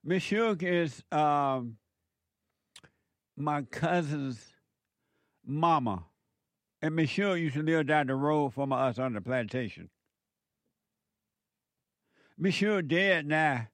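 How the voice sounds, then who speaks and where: A man's voice: fairly high pitch, lively intonation, slow pace, long pauses, no room sound. Emphatic male talk-radio host, dry studio. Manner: emphatic, preachy, repeats phrases.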